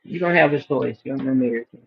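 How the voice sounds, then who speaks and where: A man's voice: medium pitch, fast, vocal fry, breathy edge. A man calling in from work during a casual phone chat, giving short, laid-back replies. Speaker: caller. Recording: lo-fi phone call from a workplace.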